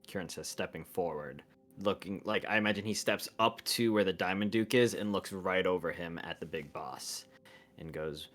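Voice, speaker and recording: Deep-voiced man playing a tabletop game. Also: normal speed, fairly bright tone. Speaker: player.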